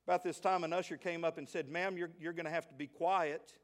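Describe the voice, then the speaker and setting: A man with a Southern US accent preaching a lively sermon as pastor, dropping into quiet asides and jokes before rising to shouted praise. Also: on the high side, quick pace, hardly any pauses.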